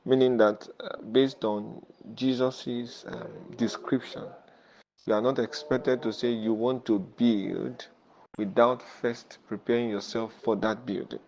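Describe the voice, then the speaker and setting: A man teaching a sermon who keeps asking his listeners "are you there?" and pauses often with fillers. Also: medium pitch, steady tone, gravelly, a little mellow, slight background noise. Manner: halting, with many fillers and restarts. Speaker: preacher. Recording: dull lo-fi audio.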